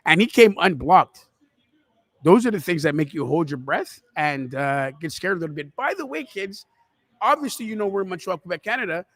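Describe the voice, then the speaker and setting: A chatty man with a high voice gives casual live football commentary for his podcast. He rambles and keeps calling his listeners kids. The sound is dry and close. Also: sing-song, moderate pace, no room sound. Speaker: podcast host. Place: restaurant.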